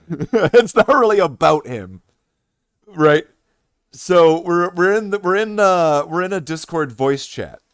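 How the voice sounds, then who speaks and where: A man tells a story on stream in a casual, animated voice that swoops up and down. He restarts sentences often and swears freely. The sound is close and dry. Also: a little high, takes it slowly, clean tone, dry recording.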